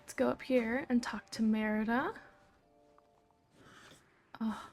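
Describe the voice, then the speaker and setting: A woman hosting a video game let's play, chatting casually and rambling, with occasional hushed asides. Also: on the high side, fairly even intonation, slow, faint music behind. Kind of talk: casual gameplay commentary.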